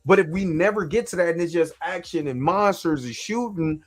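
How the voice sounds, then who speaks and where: A man's voice: on the high side, normal speed, soft background music. A man from Kansas City hosting a casual live reaction show, talking at length and often asking "you know what I'm saying". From Kansas City, USA. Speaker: show host reviewing an episode.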